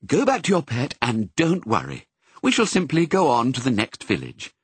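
A man voicing a calm, kindly mother Dalmatian in a storybook, speaking brightly and reassuringly. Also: medium pitch, moderate pace, husky, dry recording.

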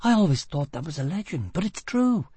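A man voicing a hot-tempered young woman prisoner who talks in quick, excited bursts. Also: a little high, husky, no echo, voice pushed up, full character voice. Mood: urgent, excited.

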